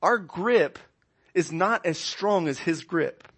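A man delivers a sermon as the pastor of his congregation, his voice sitting high for a man. He moves between hushed, low-key asides and loud, ringing declarations, leaning hard into the points he stresses. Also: animated, slow pace, slightly rough.

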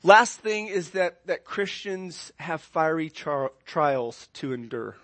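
High-voiced pastor preaching with big swings. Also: male voice, expressive, slow pace. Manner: swings from quiet, low asides to loud, high, emphatic declarations. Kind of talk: sermon.

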